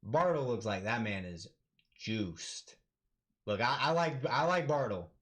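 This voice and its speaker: A man doing live play-by-play commentary on an MMA fight for his stream, talking casually and yelling with excitement at the big moments. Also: mid-range voice, moderate pace.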